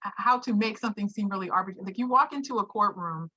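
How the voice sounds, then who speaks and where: Woman panelist, sharp bright voice, lots of um and uh, dead dry muffled audio. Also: mid-range voice, dry recording. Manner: halting, many fillers while thinking aloud. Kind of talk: panel discussion.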